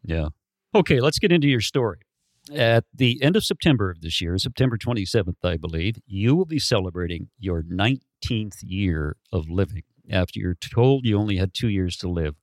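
A man hosting a podcast, asking a guest calm and clear questions. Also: fairly low pitch, normal speed, no room sound, studio quality. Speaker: podcast host. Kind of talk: interview questions.

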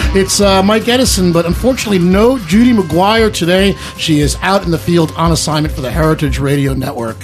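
A man's voice: sits high, a little fast, over music. A man hosting a radio show in a studio, chatting casually, laughing often and rambling.

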